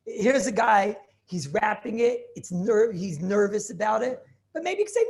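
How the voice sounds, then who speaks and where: A man's voice: sits high, big pitch swings, fast talker, vocal fry. A man teaching a Talmud class over a video call, thinking aloud with many restarts and questions to his students.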